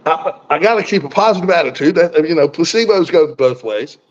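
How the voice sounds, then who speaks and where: A man's voice: fairly high pitch, expressive, fairly quick. Folksy blunt man in his sixties, muffled. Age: 60s. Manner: folksy, blunt, swears freely, restarts often. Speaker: guest. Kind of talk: casual personal storytelling. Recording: muffled lo-fi recording.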